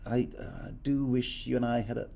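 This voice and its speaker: Wry nobleman gently coaxing his wife, read by a man, soft mellow voice. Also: mid-range voice, fairly even intonation, normal speed, vocal fry, natural voice.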